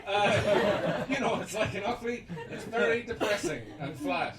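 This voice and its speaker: A young Irish man doing live stand-up in a small basement comedy room, rambling and chuckling through his jokes with sudden shouted bits. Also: sits high, normal speed, few pauses, a loud crowd. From Ireland. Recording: echoey basement gig, distant mic, loud noise.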